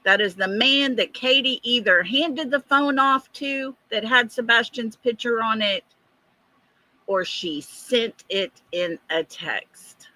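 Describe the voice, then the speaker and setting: Woman, livestream host, winded, slow and bright, dry close mic. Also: on the high side, dry recording, poor audio. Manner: chatty, greets viewers by name. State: out of breath. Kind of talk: casual livestream chat.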